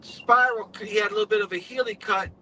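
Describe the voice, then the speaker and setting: A man's voice: sits high, steady tone, fast talker, pushed and bright, a little hiss or hum, low-quality recording. A man earnestly telling his story in casual live-stream chat, with folksy speech.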